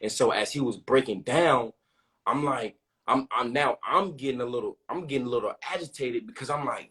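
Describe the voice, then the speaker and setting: Young guy talking real open and earnest, keeps saying you know what im saying, normal pitch. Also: a little fast, fairly bright tone. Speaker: podcast host. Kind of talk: open personal storytelling at a community gathering.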